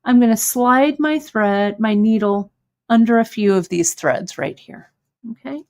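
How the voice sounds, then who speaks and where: A woman's voice: fairly high pitch, measured pace, a little mellow. A woman hosting a live craft lesson, explaining each step patiently and checking in often with the viewers. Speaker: host demonstrating bead embroidery.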